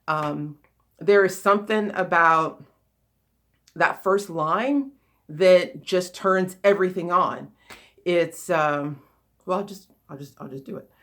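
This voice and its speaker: A woman with a fairly low voice talks casually as a spiritual coach. She rambles, with many fillers and restarts. Her tone is earnest and encouraging. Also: slow pace, a bit bright. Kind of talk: casual spoken talk.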